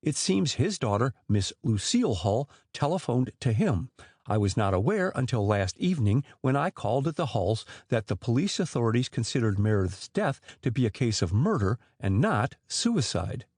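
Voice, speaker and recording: A cool, defensive gentleman from an old mystery audiobook, answering in curt, guarded sentences, as the male narrator reads him. The reading is dry and close, with lively pitch. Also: moderate pace, no room sound.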